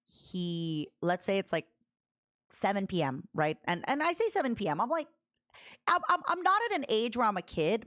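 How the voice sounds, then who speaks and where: A woman streamer chatting casually, telling a personal story in a rambling, animated way with many restarts and asides. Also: lowish voice. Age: adult.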